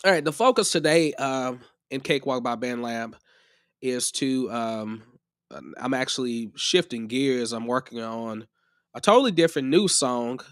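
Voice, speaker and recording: In a clean studio recording with no echo, a man speaks at a measured pace in a clear, resonant, medium-pitched voice. He's running a live music-production tutorial stream while feeling a bit ill, chatting loosely and frequently restarting.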